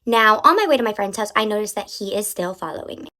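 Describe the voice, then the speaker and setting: Fast-talking young woman telling a story. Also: mid-range voice. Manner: animated, dramatic retelling with lots of "like". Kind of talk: casual spoken storytime.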